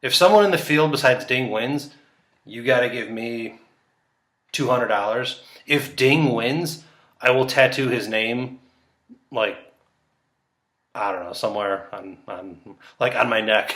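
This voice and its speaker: A young man talks through a casual solo commentary, rambling and laughing at his own jokes. He sounds tired, as if it's late at night. His voice is bright and carries a lot of room echo. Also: mid-range voice, unhurried, pauses often. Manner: rambling, joking, laughs often. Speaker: chess commentator.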